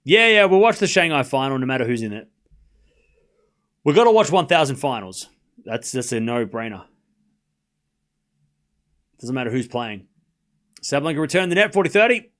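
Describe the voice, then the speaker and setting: In casual live commentary for a tennis watchalong stream, a man calls scores and chats with viewers, joking and animated throughout. He talks at a normal speed in a medium pitch, pausing often.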